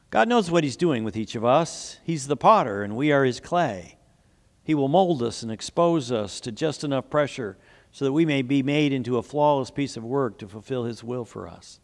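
A man's voice: mid-range voice, animated, moderate pace. Earnest male pastor preaching in a hall. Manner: storytelling, earnest, asks the congregation questions. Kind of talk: sermon. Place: church sanctuary. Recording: long hall reverb.

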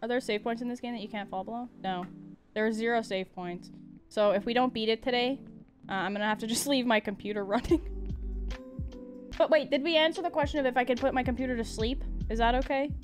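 Young woman, gaming streamer, casual commentary, laughs a lot, fairly high voice, faint music behind. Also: fast. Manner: laughs often, yells at the game.

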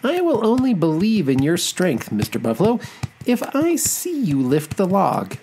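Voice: mid-range voice, huge pitch swings, moderate pace, mellow, a little hiss or hum, voice pushed up. A storyteller voicing a clever male mouse deer who speaks in a sly, knowing way. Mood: challenging.

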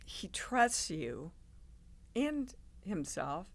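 A woman, a guest on an interview show, telling stories in an animated way and acting out the people in them. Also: lowish voice, drawn-out words, creaky. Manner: animated, acts out quoted people. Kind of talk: casual interview storytelling.

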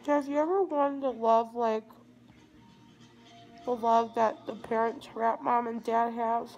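A woman's voice: fairly high pitch, steady tone, takes it slowly, creaky, a little mellow, highs cut off, soft background music. A teenage girl rambling groggily into her phone at home after surgery. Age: teens. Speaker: vlogger. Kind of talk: rambling selfie vlog. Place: home, indoors. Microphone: phone at arm's length.

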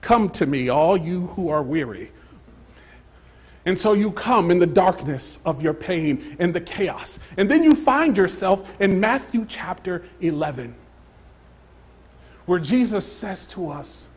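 A pastor, a man with a somewhat high, husky voice, preaches in a church. He takes his time, letting phrases trail into near whispers before rising to loud, emphatic calls. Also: big pitch swings, measured pace. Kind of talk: sermon. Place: church sanctuary.

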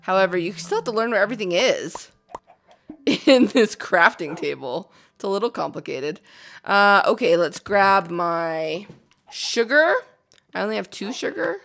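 A young woman casually commenting on her own gameplay, chatty and excitable, chattering to herself and to the game animals. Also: mid-range voice, measured pace, vocal fry. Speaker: gaming video host.

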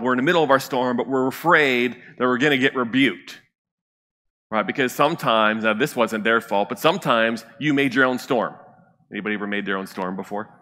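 A man's voice: mid-range voice, pushed and bright, long reverb tail. A man preaching a sermon as pastor in a conversational way, often checking in with the congregation. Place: church sanctuary.

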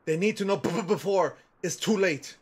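A man's voice: high-pitched, moderate pace, very noisy, pitched above the performer's own voice, lightly acted. A man reading in-game lines as a nervous, stuttering male stranger who is being followed. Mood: nervous, urgent.

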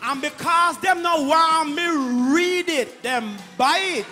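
A man's voice: very high voice, slow pace, big-room sound, over music. A man doing a stammering Jamaican Bible seller. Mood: boastful. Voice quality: stammers heavily, speaks broad patois. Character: stammering male Bible salesman, proud and sly.

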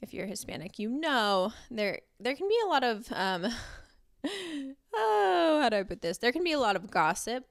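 A woman's voice: fairly high pitch, sing-song, normal speed, vocal fry, no echo, clean studio sound. A young woman hosting a podcast, talking earnestly and heartfelt about faith and parenting, with small laughs. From Costa Rica. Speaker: podcast host. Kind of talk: personal faith talk.

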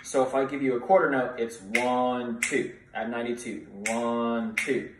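A man's voice: mid-range voice, flat delivery, unhurried, distant mic, background noise. A man teaches snare drum, chanting counts and coaching his students to play along with him. His voice sits back from the mic and bounces around a roomy space. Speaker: music teacher.

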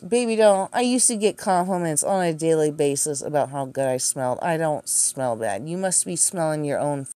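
A woman's voice: deep voice, lively intonation, normal speed, dark tone, dry recording. A young woman ranting about accusations made against her, profane, defensive and sarcastic, with scoffing laughs. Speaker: streamer responding to accusations. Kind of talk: casual ranting monologue.

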